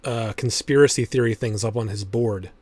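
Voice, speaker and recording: A man running a tabletop game as game master, describing scenes in a measured, descriptive way. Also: fairly low pitch, a little mellow, no room sound.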